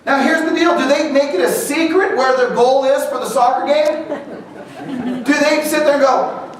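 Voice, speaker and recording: A man giving an energetic motivational talk to a real estate team, animated and acting out quoted voices. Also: very high-pitched, unhurried. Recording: echoey hall, voice from far off, faint noise.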